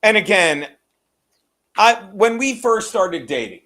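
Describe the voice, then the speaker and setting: A man's voice: sits high, animated, slow pace, bright, forceful tone. A man co-hosting a podcast, talking in a crude, rambling, joking way. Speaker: podcast co-host. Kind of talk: casual podcast chat.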